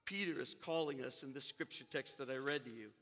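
A man's voice: mid-range voice, brisk, fairly bright tone. A man, a pastor telling a story with acted-out voices, then preaching with rising force. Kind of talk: sermon. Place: church sanctuary. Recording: long hall reverb.

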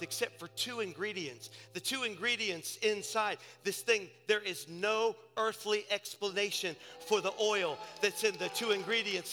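High, bright-voiced preaching pastor. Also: male voice. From Ohio, USA. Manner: storytelling, swings from hushed asides to shouted preaching. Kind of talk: sermon. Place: church sanctuary. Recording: church service with long reverb and faint music.

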